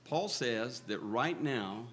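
A man preaching a sermon, moving between hushed, quiet passages and loud, fervent build-ups as he quotes scripture. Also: medium pitch, animated, takes it slowly, slight background noise.

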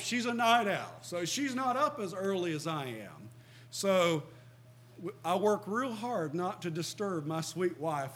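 A middle-aged man preaches with a high-pitched voice. He is earnest and emphatic, reads passages of scripture aloud and stops to ask his listeners questions. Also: a bit bright. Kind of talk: sermon.

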